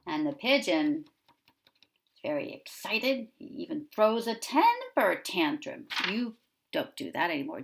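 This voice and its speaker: A woman preschool teacher discussing a picture book with young children, asking them gentle questions. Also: lowish voice, big pitch swings, measured pace, creaky, breathy edge.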